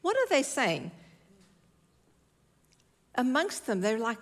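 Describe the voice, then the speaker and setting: A woman's voice: high voice, wildly swooping pitch, slow pace, pauses often. A woman preaching a sermon in church, earnest and emphatic, repeating her key phrases.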